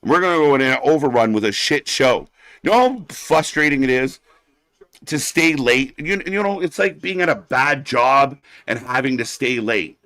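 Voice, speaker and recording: On a live wrestling watch-along stream, a male host rants bluntly and sarcastically, swearing a lot and working himself up. His mid-range voice is animated and a touch bright, at normal speed, with a dry recording.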